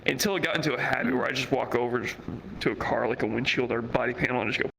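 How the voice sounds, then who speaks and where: A man's voice: medium pitch, rapid-fire, creaky, background noise. A young adult man streaming live, telling a story in casual talk, swearing a lot and acting out the people he quotes. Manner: profane, animated, acts out the people he quotes.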